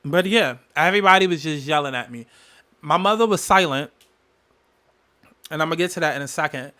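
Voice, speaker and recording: A podcast host tells a candid personal story as a monologue, talking a little fast in a bright, forceful voice pitched slightly high. He's emphatic, repeating key phrases to give them weight, and swears heavily throughout.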